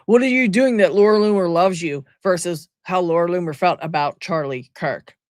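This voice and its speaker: A woman's voice: lowish voice, moderate pace, no room sound, clean studio sound. A woman giving casual, sarcastic reaction commentary from home, talking to her viewers. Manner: sarcastic, exasperated, chatty. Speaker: commentary vlogger.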